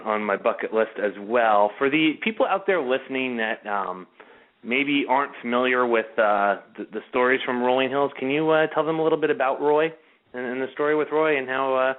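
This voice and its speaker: Male radio host, halting questions, lots of fillers, mid pitch, lo-fi phone-like sound. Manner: halting, with many fillers and restarts. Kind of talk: radio interview.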